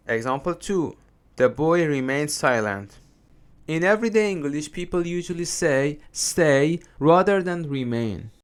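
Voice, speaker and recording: A man teaching English phrases in a slow, deliberate, scripted lesson narration. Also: mid-range voice, clean tone.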